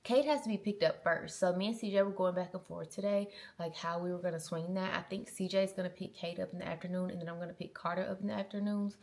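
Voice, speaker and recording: A woman in her twenties, a mom vlogger chatting casually and animatedly to her camera. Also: on the low side. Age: 20s. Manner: chatty, animated, uses y'all and girl. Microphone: small handheld camera.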